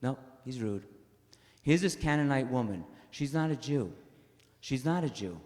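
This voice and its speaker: A man's voice: mid-range voice, expressive, unhurried, darkish tone. A man, a parish priest giving a chatty, story-filled homily with lots of "uh" fillers. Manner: storytelling, acts out quotes, many "uh" fillers. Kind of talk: conversational homily. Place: church. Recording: reverberant church hall.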